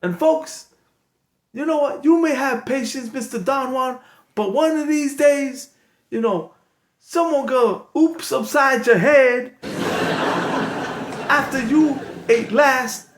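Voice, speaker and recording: A man voicing a brash, loud male wolf talk-show host in an improvised comedy sketch, excitable and full of catchphrases. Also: very high voice, takes it slowly, pauses often. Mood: boastful. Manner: excitable, shouty, cackling catchphrases. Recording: echoey room with steady noise.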